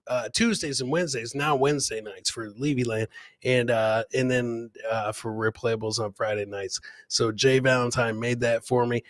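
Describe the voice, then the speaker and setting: A man hosting a casual live podcast, hyped and chuckling as he shouts out to his viewers. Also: medium pitch, steady tone, moderate pace, dry recording, studio quality. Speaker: podcast host. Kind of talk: casual live-show chat.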